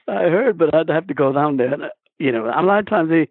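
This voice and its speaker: Man, gravelly and husky voice, animated chuckling storyteller, tinny dry phone line. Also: fairly high pitch, no echo. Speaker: actor, interview guest.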